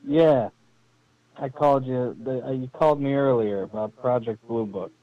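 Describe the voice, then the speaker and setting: Calm man on a dull phone line. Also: mid-range voice, normal speed, no room sound. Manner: calm, probing, amused. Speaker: caller. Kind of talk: phone conversation.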